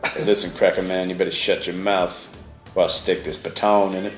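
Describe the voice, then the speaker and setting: A man's voice: deep voice, flat delivery, a little fast, reverberant, faint music behind, close to an everyday voice. A man voicing an angry male police officer who threatens and insults a prisoner. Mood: menacing. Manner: menacing, insulting.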